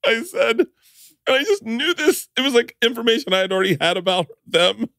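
A man's voice: very high-pitched, brisk, no echo, studio quality. A middle-aged man hosting a podcast, telling stories in a casual chat and laughing often. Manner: animated storyteller, laughs a lot. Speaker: podcast host.

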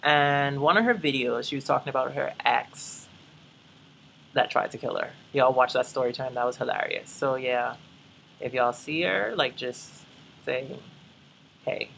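Chatty young vlogger, gravelly and bright. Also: mid-range voice, moderate pace, slight background noise, rough recording. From Bahamas. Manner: chatty, addresses viewers as y'all, rambling asides. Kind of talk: casual travel vlog storytelling.

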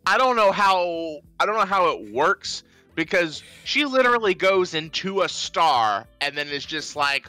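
A young man co-hosting a casual movie review podcast, animated and acting out scenes in silly voices. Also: high voice, unhurried, dry recording, soft background music. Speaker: podcast co-host.

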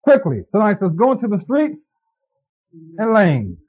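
A man's voice: high-pitched, huge pitch swings, moderate pace, breathy edge. A man preaching a sermon, talking to his congregation in a conversational way with frequent asides and questions. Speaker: pastor. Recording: dull lo-fi tape recording.

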